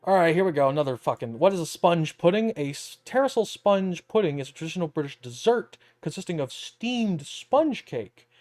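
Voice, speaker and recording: A man's voice: fairly high pitch, animated, moderate pace, hardly any pauses, a little mellow, faint music behind. A young man streaming, reading an article aloud and riffing on it in a profane, incredulous, joking way. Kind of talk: casual reading and commentary.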